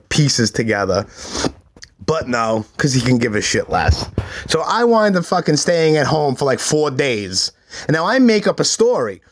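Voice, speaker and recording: Foul-mouthed New man, slightly high voice. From New York City. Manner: profane, animated storyteller, laughs at his own story. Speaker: podcast host. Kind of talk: solo storytelling podcast.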